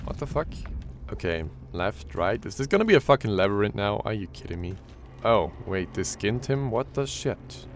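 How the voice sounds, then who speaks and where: A man giving casual let's-play commentary on a horror game, with a deep voice, swearing often and talking to himself as he plays. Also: sing-song, normal speed, slight background noise. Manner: swearing, jumpy, talks to himself. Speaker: gaming YouTuber.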